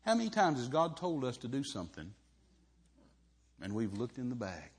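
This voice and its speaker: A man preaching a humorous storytelling sermon in a folksy way, swinging between loud and soft and acting out the people in the story. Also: medium pitch, huge pitch swings, moderate pace, husky. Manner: folksy, acts out Bible characters with voices, swings loud and soft.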